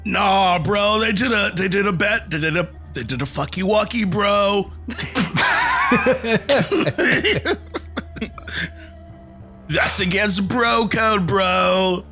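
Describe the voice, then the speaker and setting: A man's voice: high voice, lively intonation, extremely slow, long pauses, sharp tone, soft background music, heavily acted. A man voicing a laid-back young surfer-bro sibling who drawls loose, jokey slang. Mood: indignant.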